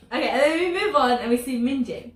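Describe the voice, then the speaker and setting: A woman co-hosting a casual review chat, animated, laughing often and acting out characters' lines. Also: high-pitched. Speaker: co-host. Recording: echoey room, distant mic, faint hiss.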